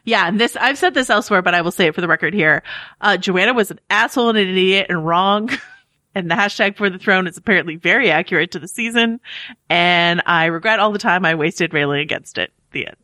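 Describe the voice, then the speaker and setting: Bright, chatty woman podcast host. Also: lowish voice, a little fast, no room sound. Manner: chatty and self-mocking, laughing often. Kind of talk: casual chat.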